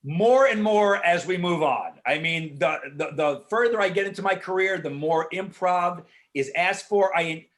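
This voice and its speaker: A man, an actor, answering questions in a casual Q&A over a video call, frank and animated, swearing freely and filling talk with asides. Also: high-pitched, measured pace, few pauses. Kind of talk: casual Q&A storytelling.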